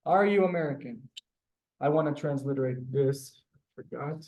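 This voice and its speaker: A man teaching a beginners' language class over a video call, relaxed and chatty, with many fillers and restarts. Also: mid-range voice, normal speed, low-quality recording. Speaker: Hebrew teacher. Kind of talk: casual online class teaching.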